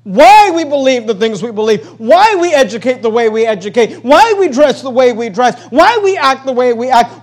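High-voiced man preaching with emphasis. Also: expressive, moderate pace, hardly any pauses. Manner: emphatic preaching that swings between loud and hushed; repeats phrases to drive a point home. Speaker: pastor. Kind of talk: sermon.

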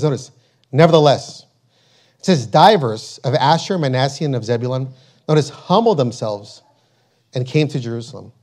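A man preaching a sermon, emphatic and repetitive, slowing down to read scripture aloud. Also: fairly high pitch, darkish tone.

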